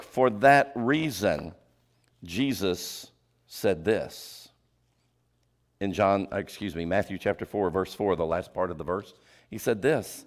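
A male preacher giving a sermon, asking the congregation rhetorical questions and dropping his voice low for emphasis. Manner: drops pitch and volume for emphasis.

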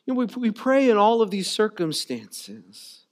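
A man's voice: high-pitched, very animated, normal speed. A man preaching a sermon as a pastor, in a loose conversational way, often repeating words and saying "you know" and "like.". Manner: conversational, repeats words while searching for phrasing.

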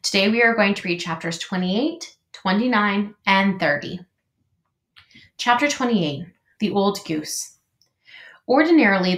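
A woman teacher reading a children's novel aloud in an expressive, animated way. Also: mid-range voice. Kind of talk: storybook read-aloud. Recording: roomy echo.

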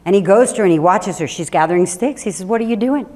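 A woman pastor preaching a sermon in a church, animated and emphatic, with sudden drops to a quiet, low voice. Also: fairly quick. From Washington State.

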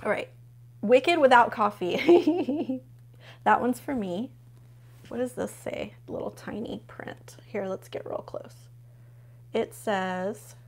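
A woman's voice: mid-range voice, takes it slowly, long pauses. A woman hosting a casual live unboxing stream from home, gushing over what she unpacks and chatting with her viewers. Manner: gushing, chatty, talks to viewers while flipping pages.

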